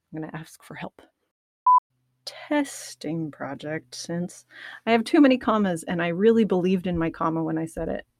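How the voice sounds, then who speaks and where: Speaking into a studio microphone at her computer, this podcast host has a medium-pitched, darkish voice with no room sound. She's nervous, her mouth dry, and she laughs at herself, making self-deprecating remarks and restarting lines over and over in these casual outtakes.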